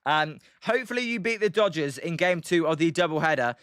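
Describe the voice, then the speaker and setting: A young British man calls a baseball game live and keeps breaking off to answer chat by name, with plenty of ums along the way. His voice sits high and bright. The recording is clean and dry. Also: expressive, brisk, clear, resonant tone, no room sound. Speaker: livestream baseball commentator. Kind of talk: casual play-by-play with chat replies.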